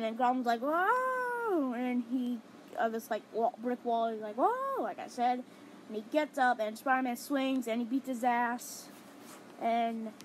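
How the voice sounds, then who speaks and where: A woman's voice: a little high, slight background noise, rough recording. A woman counting down her favourite movie fight scenes in a casual, rambling way, full of enthusiasm and fillers like "like". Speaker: movie reviewer.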